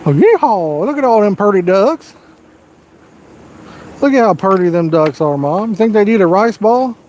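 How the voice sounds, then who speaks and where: A man's voice: high-pitched, animated, moderate pace, darkish tone, slight background noise. A middle-aged man with a Southern US accent, hosting a fishing livestream outdoors by the water in a folksy, joking way. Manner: folksy, joking, corny one-liners. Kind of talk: casual live-stream chat.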